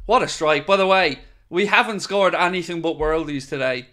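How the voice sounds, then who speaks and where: Hosting a live football watchalong, a man narrates the play and reacts, swinging from gloomy muttering to euphoric shouting and swearing freely. His voice is on the high side, at normal speed with hardly any pauses.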